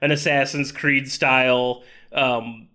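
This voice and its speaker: A man co-hosting a casual podcast, telling anecdotes with lots of laughter and swearing, jumping up in pitch when he acts out what people said. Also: slow. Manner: animated storyteller, acts out quotes with big pitch jumps; swears freely, laughs often. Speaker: podcast co-host.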